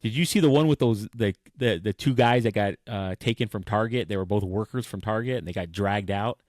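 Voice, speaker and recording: A man's voice: on the low side, a little fast, a little mellow, dry recording. A man co-hosting a podcast, chatting casually and telling stories animatedly, acting out quoted lines and laughing often. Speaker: podcast co-host. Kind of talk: casual chat.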